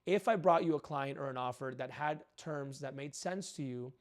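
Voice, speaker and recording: A man with a medium-pitched voice and moderate pace coaches real estate agents in a monologue. He's direct and emphatic, acting out sample cold calls as phone scripts.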